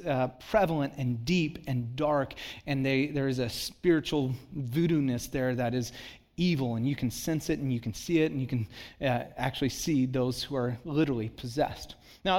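A man preaching a sermon to a congregation in a conversational way, acting out quotes and dropping low and quiet to stress a point. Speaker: pastor. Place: church.

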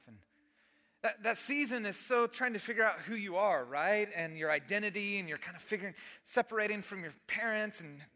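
A middle-aged man preaching an animated, conversational sermon, dropping at times to a soft near-whisper. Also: high voice. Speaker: pastor. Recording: long reverb of a large hall.

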